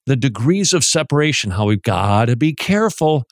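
A man teaching in a sermon style, animated and joking, with many rhetorical questions. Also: mid-range voice, normal speed, no echo, clean studio sound.

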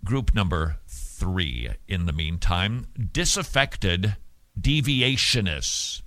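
Male radio preacher, bright forceful tone, dry close sound, emphatic and punchy. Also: low-pitched, lively intonation, slow pace, dry recording. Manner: emphatic, punchy, with mocking asides. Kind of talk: preaching monologue.

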